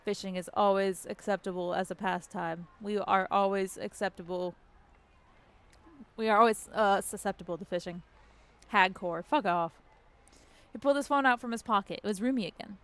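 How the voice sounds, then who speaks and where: A woman's voice: mid-range voice, normal speed, a bit bright, smooth. A woman streamer reading a story game aloud live, cracking jokes and swearing between lines of narration.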